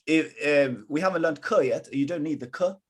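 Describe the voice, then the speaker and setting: Male online Mandarin tutor, husky, encouraging, bilingual English and Mandarin. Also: on the high side, moderate pace. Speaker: Chinese teacher. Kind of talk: live online language lesson.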